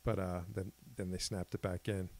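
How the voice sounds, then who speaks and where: A man's voice: sits low, little pitch movement, moderate pace, darkish tone. A man co-hosting a podcast, chatting casually and rambling through stories with self-corrections. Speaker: podcast co-host. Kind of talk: casual chat.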